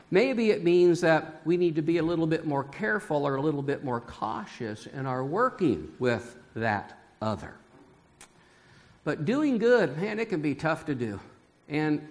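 A man's voice: fairly high pitch, long reverb tail. A man preaching a sermon to his church, telling a folksy story and chuckling often. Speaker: pastor. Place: church sanctuary.

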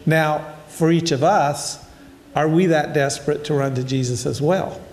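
A man's voice: on the high side, fairly even intonation, moderate pace, a little mellow. An older man giving a casual sermon, reading scripture and then explaining it in a conversational, storytelling way while addressing his listeners directly. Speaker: preacher. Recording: echoey hall.

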